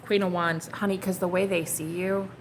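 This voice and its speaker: A young woman doing a casual tarot reading, excitable and flustered, swearing casually and calling her viewers honey and girl. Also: fairly low pitch, moderate pace, very noisy. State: flustered and hot. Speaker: tarot reader.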